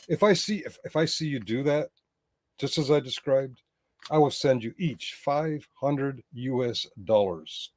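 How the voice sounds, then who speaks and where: A man's voice: mid-range voice, moderate pace, a little mellow, no echo. A man doing live-stream commentary, rambling and sarcastic, growing heated, with many restarts.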